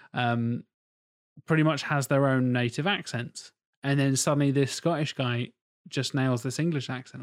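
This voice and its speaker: A man co-hosting a podcast in casual chat. He tells stories with animated energy and swears freely. His voice sits in an ordinary middle pitch. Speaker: podcast co-host.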